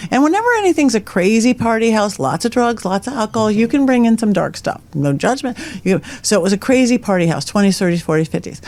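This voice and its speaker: A woman's voice: mid-range voice, animated, quick pace, hardly any pauses, a little mellow. A middle-aged woman, a psychic medium guest on a podcast, telling ghost stories with energy and laughing at her own lines. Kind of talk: animated storytelling in conversation.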